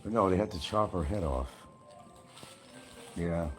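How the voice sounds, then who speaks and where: A man's voice: low voice, lively intonation, a little slow. An older man hosting a casual livestream, rambling and sarcastic with frequent chuckles. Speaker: livestream host.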